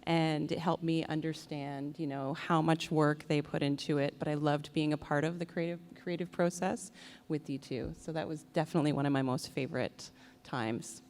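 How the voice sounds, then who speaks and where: Playful lady on a panel, bit low pitched, jokey. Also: fairly even intonation, normal speed, darkish tone. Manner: playful, joking. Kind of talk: panel discussion.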